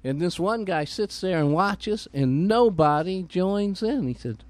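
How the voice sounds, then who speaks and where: A man casually telling a bar joke in an animated way, with frequent laughter. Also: fairly high pitch, moderate pace, few pauses, no room sound.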